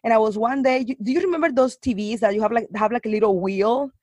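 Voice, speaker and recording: A woman's voice: fairly high pitch, fast talker, no room sound. Chatty woman with dry close sound. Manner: animated storytelling, many fillers and restarts. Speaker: guest. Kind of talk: casual chat.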